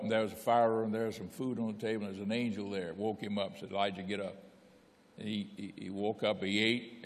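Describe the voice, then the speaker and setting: A bishop teaching Sunday school tells the Bible story in plain, folksy speech, then climbs into emphatic pleading at the peaks. His voice is a man's of middle pitch. The room carries a long church reverb. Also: a little mellow. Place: church hall.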